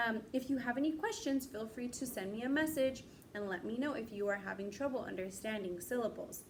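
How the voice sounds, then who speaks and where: A young woman teaching young children, speaking slowly and clearly, patient and encouraging, stretching out each word. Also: fairly high pitch, a little hiss or hum.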